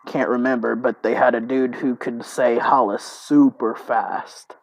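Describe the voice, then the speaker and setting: Guy streaming a text rpg, reading slow and chatting, kinda halting, dry sound. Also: mid-range voice, steady tone, gravelly, no echo, low-quality recording. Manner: reads haltingly and thinks aloud. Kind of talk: reading a game aloud and chatting.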